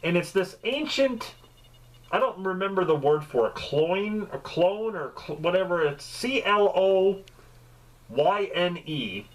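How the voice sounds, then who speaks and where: A man giving a casual, joking movie review, with swearing and lively storytelling. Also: high-pitched, a little slow, poor audio. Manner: profane, joking, animated storytelling.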